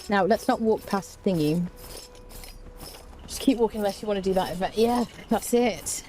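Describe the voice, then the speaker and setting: A woman streaming a survival game talks casually with a soft, warm tone over faint background noise. She mutters to herself, hums little tunes between tasks and cracks jokes at the enemies she fights. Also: mid-range voice, moderate pace, long pauses. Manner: chatty, hums and mutters to herself while playing. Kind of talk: casual gameplay commentary.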